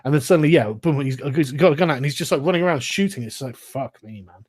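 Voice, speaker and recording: A man's voice: a little high, racing, darkish tone, breathy edge. A man talking casually as a stream guest, agreeable and laughing often. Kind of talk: casual chat.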